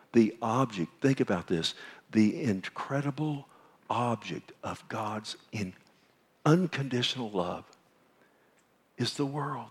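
A man preaching a sermon as pastor, asking the congregation rhetorical questions and swinging from loud emphatic calls to hushed near-whispers. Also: fairly low pitch. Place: church.

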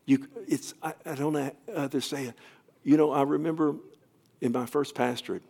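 A middle-aged male pastor preaching a sermon, telling a story with acted-out dialogue, swinging from emphatic, raised delivery to hushed near-whispers. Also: mid-range voice, fairly even intonation, moderate pace, creaky.

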